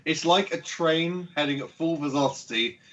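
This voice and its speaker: A man's voice: on the high side, normal speed, fairly bright tone. A man running a tabletop game as dungeon master, describing scenes with many fillers and chuckles. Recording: muffled lo-fi stream audio.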